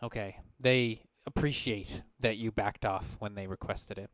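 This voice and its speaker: Man, game master, low voice, dry close sound, loose filler-heavy narration. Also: steady tone, unhurried, a bit bright, no echo.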